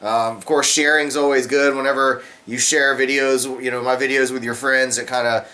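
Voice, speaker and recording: A man hosting a casual beer vlog, talking in a relaxed, rambling way with lots of fillers while he sips beer. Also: mid-range voice, normal speed. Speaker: beer review vlogger, channel host. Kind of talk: casual chat to camera.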